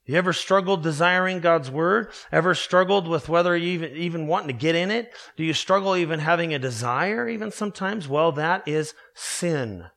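Guy pastor giving a sermon, kinda high voice, earnest, leans hard on the emphasis. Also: normal speed, hardly any pauses, a bit bright. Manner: earnest, emphatic preaching with rhetorical questions.

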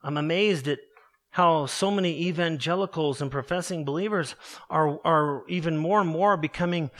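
A man preaching a sermon earnestly, slowing down and dropping his voice low to stress key words. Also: fairly bright tone. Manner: earnest preaching, slows and drops low for emphasis. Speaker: pastor.

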